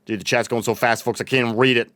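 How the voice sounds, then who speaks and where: Chatty male gaming streamer, smooth voice. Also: mid-range voice, steady tone, very fast, a bit bright, no room sound. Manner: chatty, reads chat aloud and thanks followers. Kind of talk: casual livestream chat while gaming.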